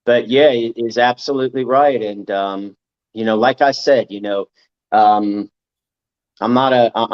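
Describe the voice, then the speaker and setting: A man's voice: on the low side, darkish tone, clean tone. A man in casual podcast chat, talking earnestly and motivationally, repeating his points. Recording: dull lo-fi audio.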